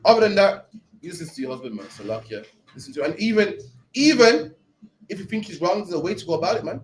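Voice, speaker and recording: A man's voice: high-pitched, big pitch swings, quick pace, slight background noise, rough recording. A young man leading a scripture class in a loose, blunt, slang-heavy teaching style. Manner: streetwise, blunt, peppered with slang.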